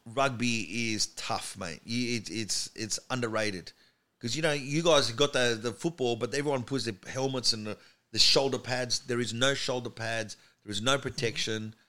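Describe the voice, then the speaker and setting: Man, Australian accent, middle-aged, bright and forceful, animated, storytelling guest. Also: medium pitch, normal speed. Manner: animated, slips into impressions of other people. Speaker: guest comedian. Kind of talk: casual chat, storytelling.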